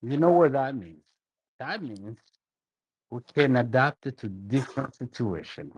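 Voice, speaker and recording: A man's voice: mid-range voice, expressive, measured pace, husky. A man from Kenya with a Kenyan accent, calling in to a show and arguing heatedly, repeating words to break in. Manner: insistent, repeats words to cut in. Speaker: caller. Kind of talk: heated call-in argument. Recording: muffled phone line.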